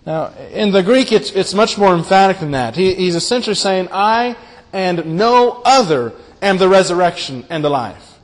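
A man preaching a sermon in an earnest, halting way, often repeating his words as he explains scripture. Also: high voice, lively intonation, in a large hall, low-quality recording.

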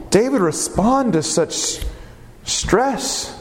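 A man preaching an expository sermon in an animated, conversational way. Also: a little high, unhurried, a little hiss or hum. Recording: long reverb of a large hall.

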